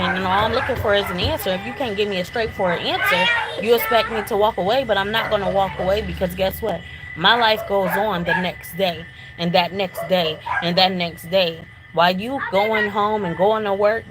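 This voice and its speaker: A woman in her thirties speaks out in a raw personal testimony, pressing the same points again and again in a confrontational, insistent way. She sounds near tears, with her voice at a middle pitch. Faint noise sits behind her. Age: 30s. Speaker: homeless mother speaking out.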